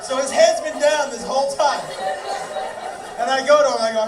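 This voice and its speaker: A male stand-up comedian telling a story in an animated, exasperated way on a club stage. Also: very high-pitched, moderate pace. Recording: echoey room from far off, loud crowd.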